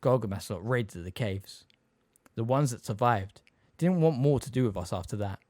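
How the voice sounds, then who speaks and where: A man reading as gruff gentle giant Hagrid. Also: medium pitch, moderate pace, no echo, lightly acted. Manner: blunt, plain-spoken, homely. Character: huge gruff half-giant gamekeeper, man. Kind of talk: audiobook character reading.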